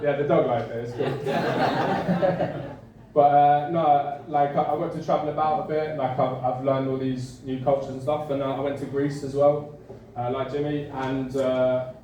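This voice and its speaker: A young English man works through a stand-up set with a dry, self-deprecating delivery, pausing on fillers as he goes. His voice reaches a distant mic across a very roomy club. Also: mid-range voice, steady tone, a crowd in the background. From England. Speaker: stand-up comedian. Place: comedy club bar with a live audience. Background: audience laughter.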